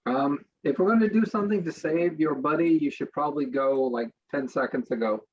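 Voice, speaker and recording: A man's voice: on the high side, fairly quick, slightly rough, highs cut off. A man playing in a tabletop game, speaking in a casual, offhand way. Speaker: player.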